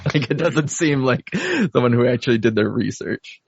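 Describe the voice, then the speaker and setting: A man's voice: medium pitch, moderate pace, gravelly, a little mellow, husky, no echo. A man co-hosting a podcast in casual chat, recapping a story in an amused way and laughing often. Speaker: podcast co-host. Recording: dry, slightly dull audio.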